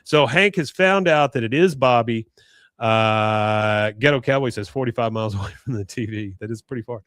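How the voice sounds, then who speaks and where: A male podcast host walks through a TV episode in a loose, rambling recap full of hesitations. His voice is mid-pitched and unremarkable. It sounds dry and close on a podcast mic. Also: normal speed, fairly bright tone, smooth, no echo. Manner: rambling, hesitant, fond of fillers.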